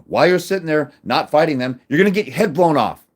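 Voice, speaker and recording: A middle-aged man giving a blunt, crude advocacy rant to camera, combative, with many restarts and loud jumps when he makes a point. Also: on the high side, lively intonation, quick pace. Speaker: fathers' rights advocate.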